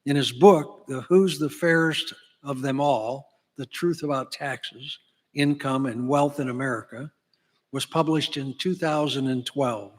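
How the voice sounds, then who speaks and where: A man's voice: mid-range voice, unhurried. A man acting as emcee, formally reading out a speaker's introduction at an event. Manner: formal, read-aloud listing. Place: large banquet hall. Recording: reverberant hall PA.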